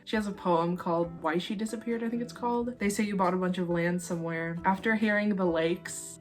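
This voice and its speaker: A woman's voice: medium pitch, a little mellow. A woman in her thirties reacting to an album, chatty and gushing, with lots of fillers. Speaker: music reaction vlogger. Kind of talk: casual album reaction commentary.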